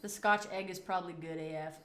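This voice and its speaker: A woman's voice: lowish voice, fairly even intonation, quick pace, a bit bright, reverberant, slight background noise. A woman streamer chatting casually on a livestream, rambling through off-the-cuff reactions.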